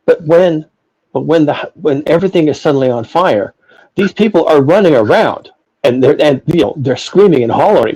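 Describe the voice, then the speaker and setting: A man's voice: on the high side, very animated, moderate pace, mellow, husky, poor audio. A man hosting a philosophical discussion, ranting emphatically and profanely, often repeating himself. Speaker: podcast host.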